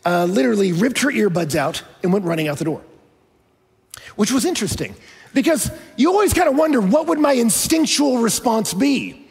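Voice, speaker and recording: A man's voice: high-pitched, gravelly, breathy edge, long reverb tail. A man preaching a sermon as a pastor, telling a story in a conversational way with touches of humor.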